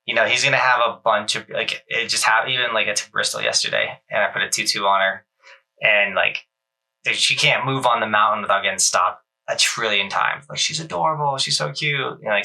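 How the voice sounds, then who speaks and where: Podcast dude, rambly storyteller, says like a lot, bright edgy voice. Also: male voice, on the low side, distant mic, low-quality recording. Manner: rambling, animated storytelling with many "like"s. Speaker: podcast co-host. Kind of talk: casual chat.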